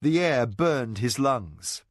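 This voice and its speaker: A male narrator reads a novel aloud, his voice rising and falling in a lively, expressive way. His pitch sits in the middle. The recording is close and dry, with no room echo. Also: slow. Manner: expressive, dramatic reading. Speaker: audiobook narrator. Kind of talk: scripted narration.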